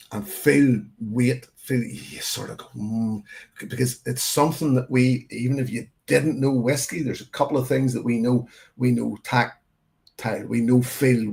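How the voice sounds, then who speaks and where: Man, gravelly voice, rambling live whisky tasting chat, casual. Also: medium pitch, a little mellow. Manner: rambling, self-correcting, conversational. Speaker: whisky channel host.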